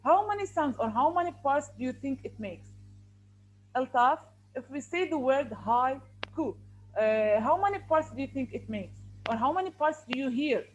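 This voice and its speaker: A woman's voice: sits high, animated, normal speed, highs cut off, slight background noise. A woman teaching an online English class over a video call, patiently repeating and stretching words as she explains.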